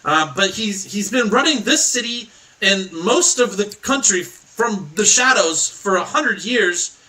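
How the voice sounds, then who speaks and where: A man's voice: high voice, expressive, a little slow, bright, forceful tone, distant mic, voice pushed up, full character voice, poor audio. A man voicing a frightened, captured orc who pleads and stammers. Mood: pleading.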